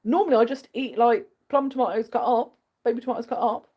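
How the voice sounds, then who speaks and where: A woman's voice: a little high, quick pace, breathy edge, muffled recording. An English woman hosting a casual livestream, chatting in a bubbly way and answering viewer comments. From England. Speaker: host.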